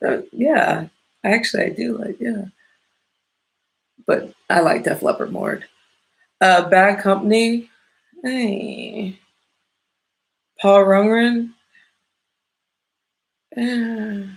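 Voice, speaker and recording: Midwest woman, slow gravelly voice, rambly casual podcast talk, lots of swearing and trailing off. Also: mid-range voice. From Midwestern United States. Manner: rambling, profane, often loses her train of thought. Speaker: podcast host. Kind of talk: casual chat.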